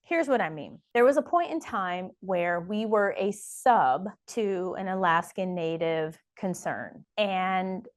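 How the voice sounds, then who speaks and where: A woman's voice: on the low side, animated, slow pace, few pauses. Emphatic woman giving business advice. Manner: emphatic, encouraging, repeats words for stress; addresses viewers as "y'all". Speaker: small-business coach. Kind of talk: direct-to-camera advice video.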